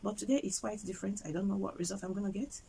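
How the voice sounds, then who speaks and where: A young woman from Nigeria with a Nigerian accent, a mother chatting softly and gently about her baby-care routine in a home vlog. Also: medium pitch, fairly even intonation, racing, vocal fry, a little hiss or hum, low-quality recording. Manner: soft, gentle and chatty, talking to baby and viewers in turn. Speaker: mother and vlogger.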